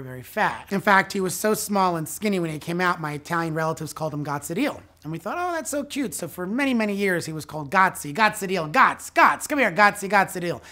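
Deadpan, self-mocking male comedian. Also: fairly high pitch. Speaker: comedic actor. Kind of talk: stand-up comedy reel.

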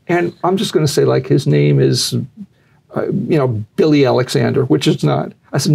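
An older man telling a long story in a sit-down interview, animated and acting out what people said. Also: on the high side, moderate pace, gravelly, breathy edge. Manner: animated storyteller, acts out quotes, laughs. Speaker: interview guest, former boxing fixer.

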